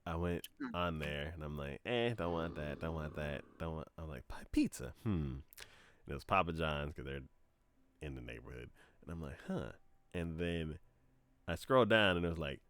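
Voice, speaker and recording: Male streamer, young adult, deep voice with big pitch swings; chatty storyteller who voices both sides of a conversation. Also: lively intonation, normal speed, a bit bright, clean tone, no room sound. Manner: frequent laughs and filler words. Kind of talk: casual chat while live-streaming a game.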